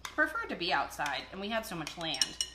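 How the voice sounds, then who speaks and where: A woman's voice: fairly low pitch, sing-song, fairly quick, very noisy. A woman hosting a casual cooking video, chatting and joking and telling stories as she cooks. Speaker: cooking show host. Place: kitchen. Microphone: camera across the kitchen. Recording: echoey kitchen with cooking clatter. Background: clattering dishes and cutlery.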